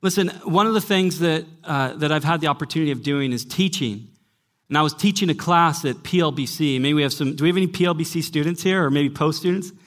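A man's voice: on the high side, fast. Emphatic male preacher telling stories. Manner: emphatic storytelling, repeating "listen". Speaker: pastor and former college teacher. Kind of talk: sermon to a young adults gathering. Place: church gathering before a live audience.

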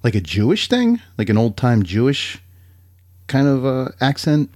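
A man's voice: mid-range voice, wildly swooping pitch, unhurried, a little mellow. A man co-hosting a podcast, chatting casually and rambling with frequent restarts. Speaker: podcast co-host. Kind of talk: casual chat.

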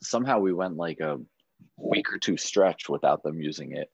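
A man's voice: a bass voice, animated, moderate pace, gravelly, a little mellow, husky, dry recording, muffled recording. A man co-hosting a podcast, chiming in with blunt, wry remarks in casual chat. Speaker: podcast co-host.

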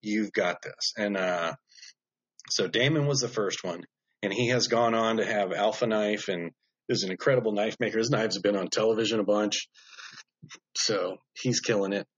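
Blunt, husky-voiced knife maker guest. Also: male voice, lowish voice, moderate pace, dull audio. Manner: blunt, animated storyteller with many fillers. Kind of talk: casual podcast storytelling.

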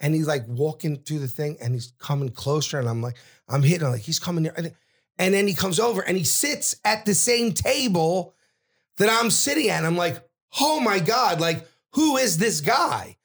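A middle-aged man tells a story as a podcast guest, his voice pitched a little high. He gets loud and brash and swears freely. He acts out each character's lines in voices of their own. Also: animated, a little fast. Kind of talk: animated storytelling.

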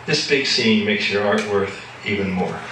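A man reading his own fiction aloud at a live event, in a measured, matter-of-fact way. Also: lowish voice, far from the mic, very noisy. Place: live reading at an evening gathering. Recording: echoey room from afar.

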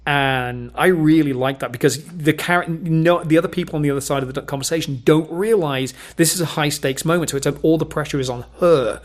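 A man's voice: on the high side, a little fast, hardly any pauses. Hesitant man reviewing films. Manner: thoughtful, hesitant, many restarts. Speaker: film review podcast co-host. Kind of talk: casual film review chat.

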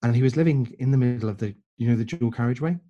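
A man, a guest telling a long personal story in an earnest, animated way. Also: mid-range voice, rapid-fire, lo-fi sound. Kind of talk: storytelling in conversation.

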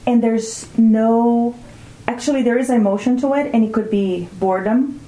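A woman in her forties from Brazil, speaking in an earnest, thinking-aloud interview manner. Her voice sounds dark and mellow. The room adds a noticeable echo. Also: a little high, steady tone, moderate pace. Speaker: guest, mother of two teenagers. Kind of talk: reflective conversational interview. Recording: roomy echoing room.

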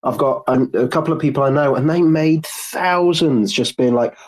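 A man explaining things in a halting, agreeable way during a casual online audio chat. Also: fairly high pitch.

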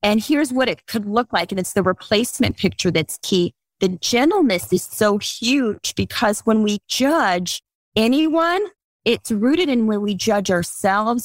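A middle-aged woman, a life coach, talking as a guest in a podcast interview, at times slow and soothing as she guides breathing, at times earnest and lively as she explains. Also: fairly high pitch, dry recording, studio quality. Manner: earnest, animated storytelling.

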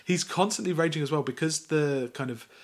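A man's voice: fairly high pitch, a little fast. A man hosting a podcast, talking in a wry, ranting way with lots of fillers. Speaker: podcast host. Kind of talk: casual chat.

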